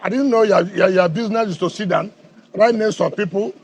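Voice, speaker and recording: Angry nigerian politician guy in a tv interview, raspy high voice, keeps repeating himself. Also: brisk. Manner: combative, rhetorical questions, repeats words. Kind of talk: heated television interview.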